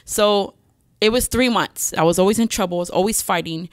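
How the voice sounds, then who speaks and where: A woman telling her life story as a podcast guest, speaking candidly and pausing often with "um.". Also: mid-range voice, dry recording, studio quality. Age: adult mother with several children. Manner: candid, frequent "um" pauses, acts out her past self. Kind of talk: personal testimony in a podcast interview.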